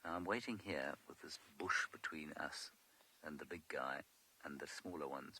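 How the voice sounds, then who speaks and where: A deep-voiced man gives live safari commentary from an open vehicle in the bush, hushed and wryly amused, often dropping to a whisper. His tone is bright and forward, with faint outdoor noise behind him. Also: moderate pace, low-quality recording. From South Africa. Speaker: safari guide presenting a live game drive.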